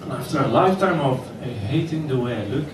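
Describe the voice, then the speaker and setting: A man doing a self-deprecating stand-up set in an unhurried, deadpan manner on a comedy club stage. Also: medium pitch. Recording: echoey club from far off, noisy.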